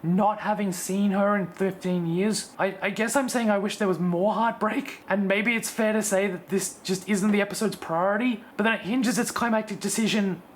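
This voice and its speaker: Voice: mid-range voice, steady tone, moderate pace, few pauses, a little hiss or hum. A video reviewer giving a scripted scene-by-scene analysis of an episode, sometimes restarting a sentence. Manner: analytical, breaks down scenes one by one.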